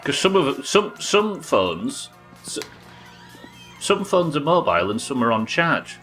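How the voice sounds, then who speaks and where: A man's voice: medium pitch, sing-song, a little slow, fairly bright tone, rough recording. A man streaming a game live, chatting, joking and reading out viewer comments. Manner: chatty, reads chat aloud, jokey. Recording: game music behind.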